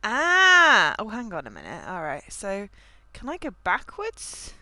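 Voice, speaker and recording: A woman's voice: lowish voice, huge pitch swings, normal speed, fairly bright tone, no echo. A woman streaming a video game from home, chatting casually and making wry remarks at the screen through a desk mic. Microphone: desk mic, levels uneven.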